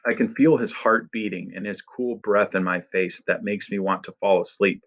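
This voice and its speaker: A man's voice: lowish voice, steady tone, normal speed, few pauses, a bit bright. A man narrating an audiobook in the first person, with an intense, dramatic reading in a slightly muffled recording.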